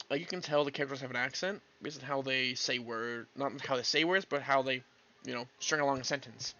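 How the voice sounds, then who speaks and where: A man's voice: mid-range voice, pushed and bright, highs cut off. A man from Canada rambling chattily during a live game playthrough. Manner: rambling, chatty, laughs often. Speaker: streamer.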